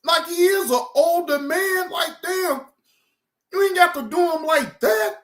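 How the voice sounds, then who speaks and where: A woman hosting a reaction video, talking in loud, cursing, indignant outbursts. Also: very high voice, unhurried. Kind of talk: casual reaction commentary.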